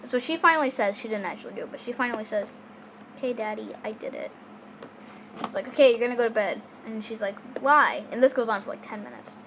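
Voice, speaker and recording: A woman's voice: a little high, fast talker, fairly bright tone, slight background noise. A girl casually telling a personal story in a rambling way, with many fillers and restarts.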